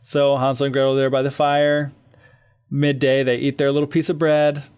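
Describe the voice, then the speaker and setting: A man's voice: medium pitch, level tone, normal speed, darkish tone, clean tone. Casual man retelling a fairy tale. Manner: loose retelling with many fillers, laughs easily. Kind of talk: casual storytelling chat.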